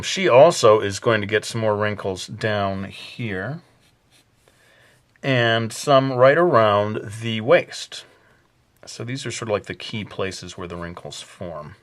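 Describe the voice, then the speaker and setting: Sketching for viewers, a man with a somewhat low, slightly bright voice puts on a mock Brooklyn accent for laughs. His tutorial narration is loose and conversational, packed with fillers and self-mocking asides.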